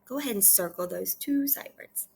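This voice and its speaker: A woman teaching kindergarten, reading aloud slowly and clearly in a repeat-after-me lesson from her kitchen at home. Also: medium pitch, lively intonation, darkish tone. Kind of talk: slow read-aloud lesson for young children.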